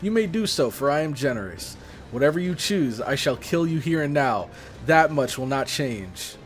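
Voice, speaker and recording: A man's voice: on the high side, animated, normal speed, soft background music, close to an everyday voice. A man reading as a haughty warrior queen. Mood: scornful. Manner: haughty, mocking repetition. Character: proud furious female warrior queen.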